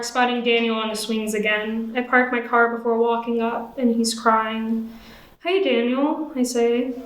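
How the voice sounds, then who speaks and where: Young woman, student reader, steady narration, slightly high, roomy stage sound. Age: young adult. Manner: steady first-person reading. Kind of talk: reading fiction aloud. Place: stage at a live event.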